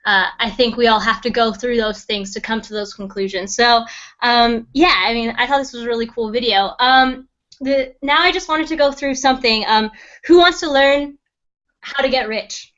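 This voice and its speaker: A woman's voice: fairly high pitch, moderate pace, highs cut off. A woman hosting a team call, talking casually with lots of ums and you-knows. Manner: relaxed, many ums and hedging fillers.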